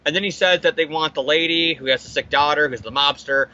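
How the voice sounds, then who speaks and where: A man casually recapping a comic book on a podcast, animated and profane, acting out the characters' lines. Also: a little high, fast talker, muffled recording. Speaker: podcast co-host.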